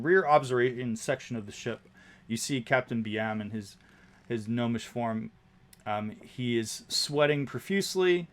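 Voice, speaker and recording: Halting game master narrating scenes. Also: male voice, mid-range voice. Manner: descriptive, halting, many fillers.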